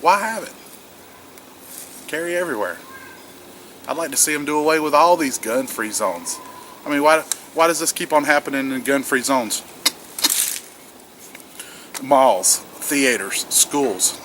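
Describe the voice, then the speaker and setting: A man's voice: medium pitch, expressive, measured pace, fairly bright tone. A man talking to camera in the woods about preparedness, rambling and restarting his sentences. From South Carolina, US. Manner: rambling, repeats words and restarts, earnest. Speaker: prepper vlogger. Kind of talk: casual outdoor vlog monologue. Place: wet woods outdoors. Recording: noisy outdoor camera audio. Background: outdoor ambience, distant aircraft.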